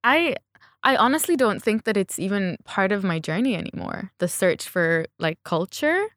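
A woman's voice: mid-range voice, expressive, normal speed, fairly bright tone, no room sound. A woman fashion designer chatting in an interview, laughing often and acting out what people said to her. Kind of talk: casual interview chat. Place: Dubai.

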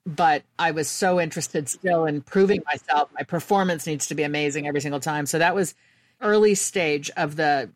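A woman's voice: deep voice, no room sound. A woman guest and author telling candid personal stories in an earnest, reflective way. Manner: earnest, candid, quick bursts.

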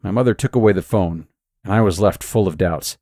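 A man narrating a scripted horror story in a measured, steady way. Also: low-pitched, no echo, clean studio sound.

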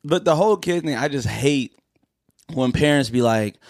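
A man in casual comedic chat, animated, acting out quoted voices and laughing often. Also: mid-range voice, normal speed, no echo, clean studio sound.

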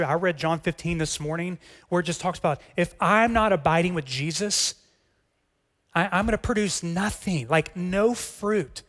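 Earnest pastor preaching in a reverberant hall. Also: male voice, fairly high pitch. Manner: conversational and earnest, swings from soft intimate asides to emphatic questions. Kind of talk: sermon. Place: church hall.

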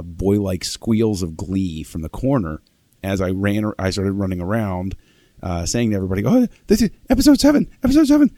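A man talking as a podcast guest in casual chat, telling stories with bursts of excitement. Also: sits low, dry recording. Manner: excitable storyteller, acts out his own past excitement.

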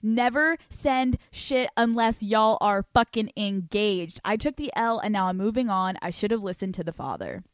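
Her medium-pitched voice is clear and resonant, moving at a moderate pace with hardly any pauses, in clean studio sound with no room echo. The young woman hosts a podcast, reading listener questions and responding with brash, profane humor and frequent laughter in a casual monologue.

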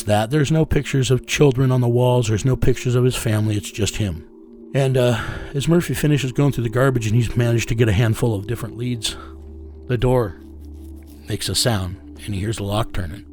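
A man's voice: medium pitch, fairly even intonation, normal speed, warm tone, slight background noise. Blunt, profane man telling a story. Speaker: interview guest. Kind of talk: casual storytelling.

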